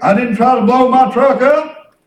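Man, preacher, folksy sermon, high voice, distant mic, roomy church echo. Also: moderate pace. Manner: folksy storytelling preacher, acts out dialogue. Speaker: pastor. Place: church hall.

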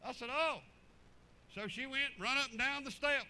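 A man preaching, telling folksy stories in an animated, drawling way. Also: very high voice, normal speed, a little hiss or hum, poor audio. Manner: animated, drawling storyteller with chuckles. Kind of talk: folksy sermon storytelling.

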